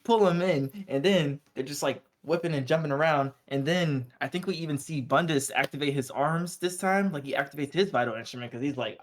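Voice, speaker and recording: A young man co-hosting a podcast, recapping anime episodes in a rambling, excited, slang-filled way. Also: medium pitch, moderate pace, few pauses. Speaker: podcast co-host.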